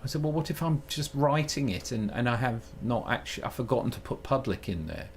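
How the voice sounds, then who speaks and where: A man streaming live while programming, thinking aloud in a halting way that keeps breaking off mid-sentence. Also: mid-range voice, animated, a little hiss or hum. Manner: halting, self-interrupting, muttering while working.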